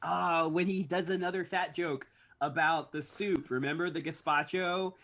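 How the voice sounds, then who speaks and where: A woman's voice: sits low, steady tone, normal speed, a bit bright. A woman co-hosting a casual recap podcast, hesitant and self-correcting, with a wry tone. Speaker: podcast co-host.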